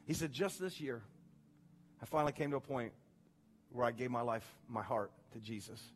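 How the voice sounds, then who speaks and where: A man preaching a sermon in a church, moving from hushed, quiet storytelling to loud, rising preaching and prayer. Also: medium pitch, moderate pace, a little hiss or hum. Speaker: pastor. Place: church sanctuary.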